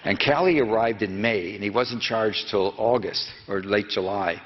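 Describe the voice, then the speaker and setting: A man's voice: lowish voice, moderate pace. A man in his seventies, a journalist, telling a long anecdote in a digressive way, with many restarts and self-corrections. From United States. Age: 70s. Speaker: investigative journalist telling a story. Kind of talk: rambling anecdotal storytelling to an audience. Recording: dull lo-fi recording in a reverberant hall.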